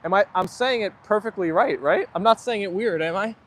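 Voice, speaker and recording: High-voiced chatty male stream host. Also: fairly quick, fairly bright tone. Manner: chatty, reads viewer comments aloud and answers them. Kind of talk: casual live stream chat.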